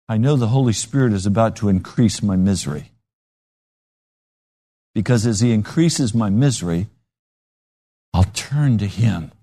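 A man preaching a sermon, telling stories and acting out the voices in them. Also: medium pitch. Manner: animated storytelling with acted-out voices.

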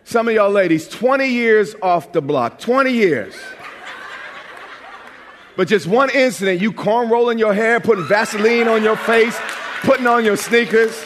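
Preacher, a man from New York with a high voice. Loose, joking sermon delivery, recorded in a big reverberant church hall. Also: animated, a bit bright, some chatter behind, slight background noise. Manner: conversational, joking preaching with quick restarts. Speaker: pastor.

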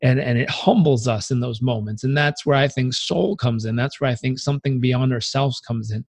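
A man's voice: steady tone, moderate pace, no room sound. Earnest man telling stories on a podcast. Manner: earnest, acts out inner voices with pitch jumps. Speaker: podcast guest. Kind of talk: reflective conversational storytelling.

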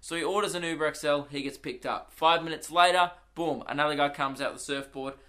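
A man's voice: fairly high pitch, steady tone, fairly quick, a bit bright. A young Australian man, a comedian, chatting casually on his solo podcast and telling rambling, swearing anecdotes in an Australian accent.

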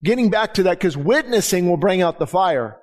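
A middle-aged pastor preaches in a conversational style, acting out the dialogue in his anecdotes. His voice is high-pitched and animated, and he talks fairly quickly.

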